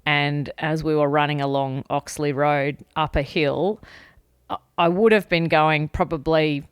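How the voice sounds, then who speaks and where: Smooth-voiced woman, candid chat. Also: low-pitched, fairly even intonation, measured pace, no echo, studio quality. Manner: candid, laughs often. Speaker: podcast co-host. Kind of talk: casual chat.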